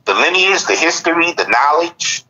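A man's voice: fairly high pitch, expressive, moderate pace, bright, forceful tone. An American man in his fifties, a guest in a casual conversation, reflective and often agreeing. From United States. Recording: muffled lo-fi audio.

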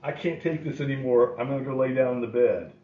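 A man's voice: medium pitch, fast talker, lightly acted. A man putting on the voice of his crafty old truck-driver grandfather, drawling and whiny. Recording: roomy, slightly dull recording.

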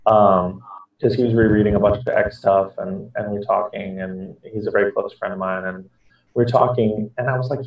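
A man's voice: lowish voice, steady tone, normal speed. A man in casual interview chat, a comics writer guest, rambling through stories with many fillers and restarts. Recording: echoey, distant, dull lo-fi audio.

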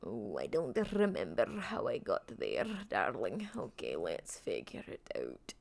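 A woman voicing a drawling character with a deliberately bad, hammy fake accent. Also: rumbling low, wildly swooping pitch, gravelly, voice pushed down, full character voice. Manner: theatrical, over-the-top fake accent.

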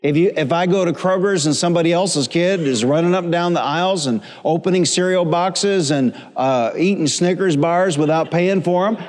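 Man, pastor, sermon, call-and-response, slightly high pitch, long church reverb. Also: normal speed, hardly any pauses, darkish tone. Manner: preaching with humor and repetition, calls for audience responses. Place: church sanctuary.

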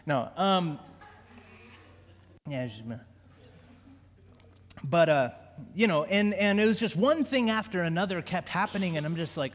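High-voiced man preaching in a reverberant hall. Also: lively intonation, measured pace, long pauses. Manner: conversational with stammered restarts, rising to fervent prayer. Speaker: pastor. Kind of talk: sermon. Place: church sanctuary.

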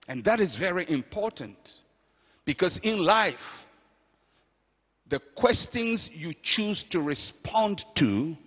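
A man preaches with a high, lively voice that swings widely as he acts out quotes and calls on the congregation to respond. He speaks slowly and emphatically, and his sermon rings with long reverb in a church hall. The recording is muffled and dull. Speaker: pastor.

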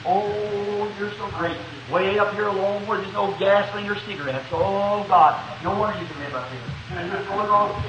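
A man preaching a revival sermon, telling a story in a fervent, folksy way that rises to shouts, recorded on an old 1960s tape in a meeting hall. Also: high-pitched, highs cut off, a little hiss or hum.

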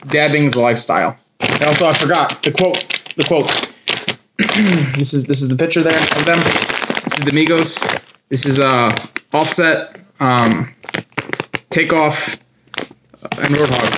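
A man's voice: a little high, a little fast, very noisy. A man casually reviewing chips in a vlog, talking in a blunt, rambling, jokey way. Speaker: snack reviewer.

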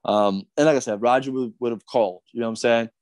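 A man's voice: medium pitch, fast, darkish tone, no room sound. A middle-aged man from Philadelphia, a podcast guest ranting in a profane, agitated, rambling way with many restarts. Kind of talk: heated podcast rant.

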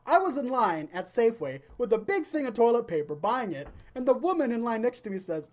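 A man hosting a casual live web talk show, telling stories in a chatty, animated way. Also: high-pitched, fast, few pauses. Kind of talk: casual live webcast chat.

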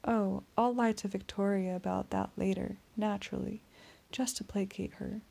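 A woman voicing a suave male vampire in an audiobook, speaking in a soft, courteous, menacing purr. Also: mid-range voice, level tone, normal speed, gravelly. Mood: silky menace. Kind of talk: audiobook character reading.

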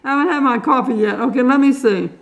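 A woman's voice: high-pitched, fast, vocal fry, muffled recording. An older woman, chatting fervently to her viewers about faith and praising God. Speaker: Christian video blogger. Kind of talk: casual chat to camera.

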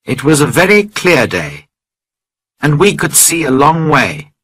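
Slow, lively man reading a story. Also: fairly high pitch, dry recording, low-quality recording. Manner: slow, clear, carefully paced reading. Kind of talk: scripted narration for English learners.

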